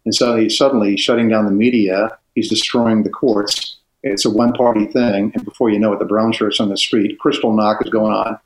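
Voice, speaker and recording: A man's voice: lowish voice, level tone, fairly quick, hardly any pauses, a little hiss or hum. Intense older man in an echoey room. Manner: intense, emphatic. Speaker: guest. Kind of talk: casual chat. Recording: roomy echo.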